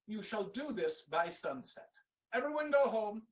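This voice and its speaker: A man's voice: sits high, sing-song, a little slow, distant mic, voice pushed up. A storyteller voicing a proud, scheming old king who stalls with ums. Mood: blustering. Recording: voice a bit off-mic.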